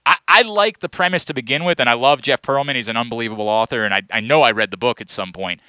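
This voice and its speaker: A man co-hosting a casual chat and telling stories with animated, emphatic delivery. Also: medium pitch, quick pace, clear, resonant tone, no echo.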